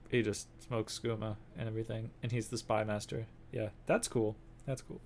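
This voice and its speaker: A man's voice: on the low side, little pitch movement, normal speed, few pauses, darkish tone. A young man streaming a game, rambling and joking as he thinks aloud while playing. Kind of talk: casual gameplay commentary.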